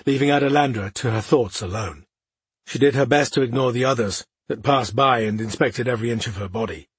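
A man narrating a fantasy audiobook in a steady, measured reading style. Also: mid-range voice, husky, no echo.

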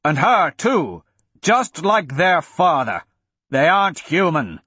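A furious, hateful archduke from an audiobook, bellowing his contempt in a raised, hard-pushed voice, played by a male narrator. The voice is husky and sits close and dry on the mic. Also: fairly high pitch, sing-song, takes it slowly, pushed and bright, no echo, voice pushed up, exaggerated voice. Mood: raging. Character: raging, hateful middle-aged archduke villain.

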